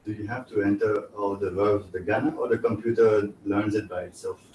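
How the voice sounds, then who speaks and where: A man in the class asking quick, inquisitive questions. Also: fairly low pitch, fairly even intonation, a little mellow, slight background noise. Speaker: student. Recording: echoey room, voice from far off.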